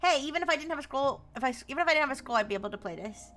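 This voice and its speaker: A woman's voice: high-pitched, expressive, rapid-fire, a bit bright. A young woman streaming a game live, chatting casually and laughing often as she greets viewers by name.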